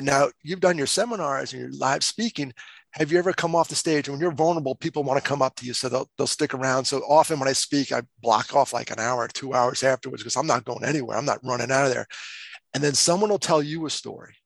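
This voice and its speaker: A man telling stories on a podcast as guest, animated and acting out quotes in other voices. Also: medium pitch, quick pace, vocal fry, no echo. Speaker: guest speaker. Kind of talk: casual storytelling.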